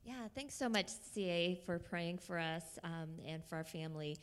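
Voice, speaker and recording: A woman who does pastoral care, sharing prayer requests on a church stage in a gentle, earnest way. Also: on the low side, moderate pace, clear, resonant tone.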